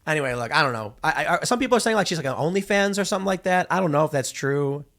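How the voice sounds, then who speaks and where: A man's voice: a little high, lively intonation, racing, a bit bright. A male host in his thirties giving casual opinion commentary, rambling and restarting with repeated words. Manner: acts out quoted people in exaggerated voices.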